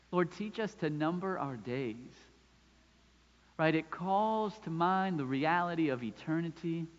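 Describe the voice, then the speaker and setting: A man's voice: fairly high pitch, a bit bright. A man in his thirties preaching a sermon, talking conversationally and often checking in with "right?". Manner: conversational preaching with frequent "right?" tag questions. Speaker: pastor. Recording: dull sound with long hall reverb.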